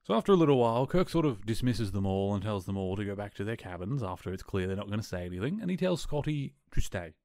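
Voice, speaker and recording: A podcast host talks through an episode in a relaxed, animated way, now and then chuckling at the story. His voice sits somewhat low for a man. The sound is dry, with no room echo. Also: fast talker, few pauses. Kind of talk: casual episode recap.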